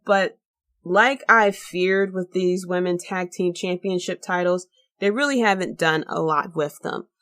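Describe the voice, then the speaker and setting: A woman with a fairly low voice hosts her own podcast alone. She talks casually and rambles a little, full of fillers and restarts, sounding tired late at night. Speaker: podcast host. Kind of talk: casual solo podcast talk.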